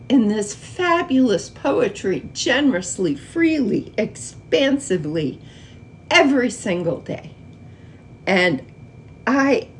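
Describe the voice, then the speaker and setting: Slow, soothing woman leading a meditation. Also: medium pitch, a little hiss or hum. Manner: slow, soft, soothing delivery. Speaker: spiritual talk leader. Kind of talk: guided meditation and spiritual talk.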